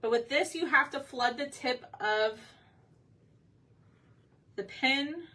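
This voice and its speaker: A chatty woman talks casually to viewers while she paints. Her voice is fairly high and bright, picked up a little off-mic, with faint room noise behind her. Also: takes it slowly, recorded from a distance. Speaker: craft livestream host. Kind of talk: casual live craft chat.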